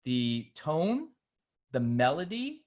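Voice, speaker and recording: A man co-hosting a talk on speaking, explaining slowly and with lively delivery. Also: on the high side. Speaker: co-host. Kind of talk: casual panel discussion.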